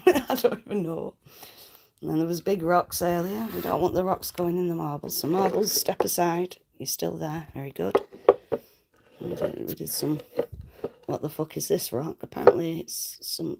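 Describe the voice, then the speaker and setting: A woman's voice: fairly low pitch, measured pace, gravelly, darkish tone, slight background noise. A young woman, chatting on a live stream, giggling and swearing as she rambles. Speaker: livestreamer. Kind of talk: casual live stream chat.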